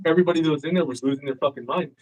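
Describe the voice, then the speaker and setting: Profane, animated male storyteller. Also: a little high, racing, muffled recording. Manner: profane, animated, acts out quotes. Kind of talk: casual storytelling. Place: live-streamed show.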